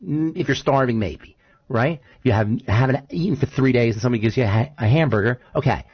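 A man hosting a talk radio show, chatting casually and telling stories in an animated, argumentative way. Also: mid-range voice, fast talker, breathy edge, no echo, dull audio. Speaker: show host.

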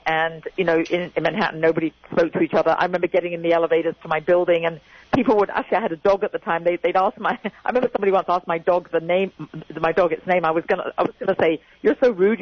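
Fast-talking older English woman, radio guest. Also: on the low side, no room sound. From England. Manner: chatty, emphatic, tells anecdotes and repeats key points. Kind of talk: casual radio chat. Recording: dull radio or phone audio.

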